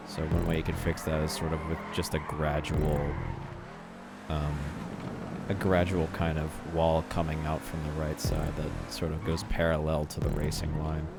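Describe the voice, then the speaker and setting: A man hosting a racing game playlist, commenting casually, relaxed and chatty with frequent laughs. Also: rumbling low. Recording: game noise under the voice.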